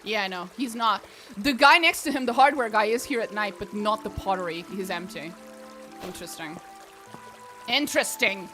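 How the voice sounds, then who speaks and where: A woman streaming a video game, chatting casually, excitable and swearing, often breaking into laughs. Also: medium pitch, brisk, soft background music. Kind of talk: casual gameplay commentary.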